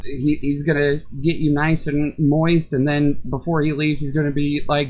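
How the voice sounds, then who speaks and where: A man giving casual, jokey reaction commentary, excitable and swearing, with sudden loud shouts. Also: fairly high pitch, moderate pace, hardly any pauses. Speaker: reaction video host.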